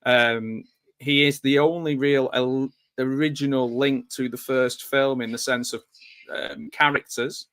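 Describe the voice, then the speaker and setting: A man's voice: medium pitch, fairly even intonation, measured pace, a bit bright, smooth. A man giving a casual, rambling live commentary while watching a movie, drifting into nostalgic asides. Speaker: film commentator.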